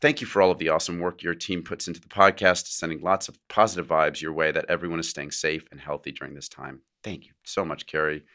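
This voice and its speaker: A man's voice: extremely low pitch, fairly even intonation, fast, few pauses, sharp tone. A man co-hosting a podcast, chatting casually and reading a listener's letter aloud with joking asides and frequent laughs. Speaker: podcast co-host.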